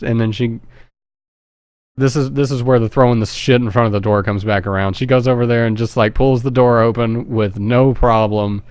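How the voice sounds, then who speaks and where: Male reviewer, rambling profane synopsis, mid-pitched, dead-dry room. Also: fairly even intonation, normal speed, a little mellow, clean tone, no room sound. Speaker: movie reviewer. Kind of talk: casual film synopsis.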